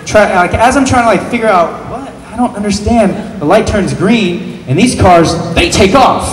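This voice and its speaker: High-voiced man telling a comic story in an echoing hall. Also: distant mic. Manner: animated, building to slow dramatic pauses. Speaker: panel guest telling a story. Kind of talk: comic storytelling to a live audience. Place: large event hall with an audience. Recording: roomy hall echo, voice off-mic, faint noise.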